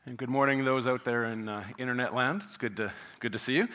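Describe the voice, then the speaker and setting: A man's voice: mid-range voice, steady tone, fast talker, pushed and bright, slight background noise. A man preaching to his church, folksy and chatty, with many filler uhs. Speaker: pastor. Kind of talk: sermon with a joke opener. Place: church sanctuary.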